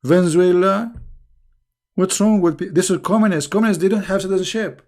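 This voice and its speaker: Man, somewhat high voice with gravelly fry, emphatic, scolding stream host who repeats himself. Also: a little fast, darkish tone. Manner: restarts often, repeating words. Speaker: online show host answering viewer questions. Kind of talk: live stream Q&A commentary.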